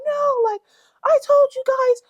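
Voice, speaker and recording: A woman putting on a shrill, whiny voice to mock a caricatured woman. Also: fairly even intonation, unhurried, no echo. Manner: squeaky, whiny, exaggerated.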